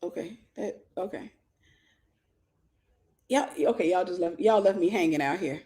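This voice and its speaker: Animated woman acting out quotes. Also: fairly low pitch, moderate pace. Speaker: host. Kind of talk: casual spoken advice to viewers.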